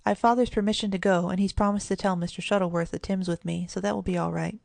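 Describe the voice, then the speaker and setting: A woman voicing a proud, cheerful schoolboy brother in a storybook, speaking briskly. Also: mid-range voice, steady tone, vocal fry, a little mellow, dry recording, close to an everyday voice. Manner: brisk, explaining.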